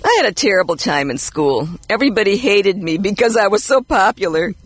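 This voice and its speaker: A co-host reads mock commercials and one-liners with playful emphasis. The pitch swings widely from line to line. The recording is dry and close. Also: fairly quick, husky, no room sound. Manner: lively, expressive read with playful emphasis. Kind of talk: reading mock ads and jokes aloud.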